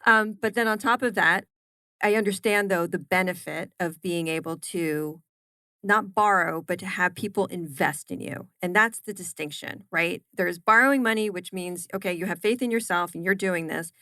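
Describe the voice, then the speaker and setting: Lively woman chef talking business. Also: lowish voice, moderate pace, no room sound. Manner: animated storyteller, emphatic repetitions. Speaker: guest, chef and granola business owner. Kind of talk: casual podcast interview.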